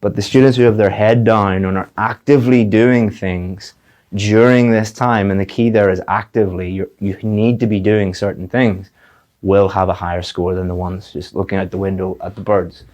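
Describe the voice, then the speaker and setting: Male teacher, lowish voice, direct, repeats words for emphasis; video lesson. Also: fairly even intonation, moderate pace, darkish tone. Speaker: IELTS teacher.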